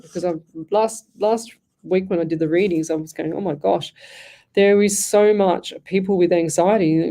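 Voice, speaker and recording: A middle-aged woman with a low, mellow voice hosts live psychic readings on radio. She talks in a chatty, meandering way, restarting phrases as she thinks out loud.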